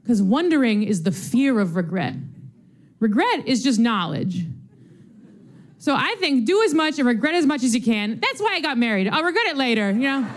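A woman comedian performing a stand-up set with deadpan, wry delivery. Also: a little high, unhurried, pauses often, a faint crowd.

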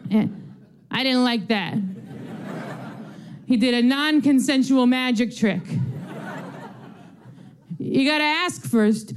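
A woman comedian performing a stand-up set with deadpan, wry delivery. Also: a little high.

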